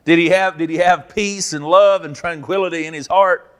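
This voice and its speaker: A man preaching a Bible teaching, telling stories and acting out characters with sudden loud outbursts. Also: on the high side, fairly even intonation, normal speed, clear, resonant tone. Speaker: pastor. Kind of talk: sermon teaching.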